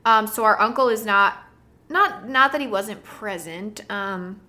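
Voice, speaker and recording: A young woman hosting a podcast in casual chat, animated, shifting between soft talk and loud bursts, laughing often. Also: mid-range voice, measured pace. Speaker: podcast host.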